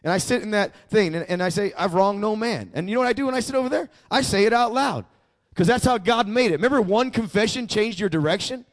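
Male pastor with a high voice, emphatic sermon delivery, call-and-response. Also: lively intonation, quick pace.

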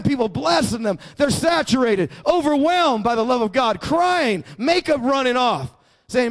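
Pastor, male, high voice, emphatic sermon delivery with call-and-response prompts to the congregation. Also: animated, a little slow, few pauses.

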